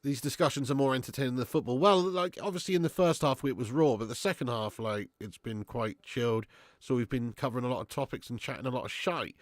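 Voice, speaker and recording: A man hosts a live football watch-along, chatting loosely with his viewers and swearing now and then. His voice sits at an everyday middle pitch. The sound is dry and close to the mic. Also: fast, hardly any pauses, dry recording. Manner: laid-back banter, reads out super chats, swears freely. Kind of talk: casual live-stream chat and commentary.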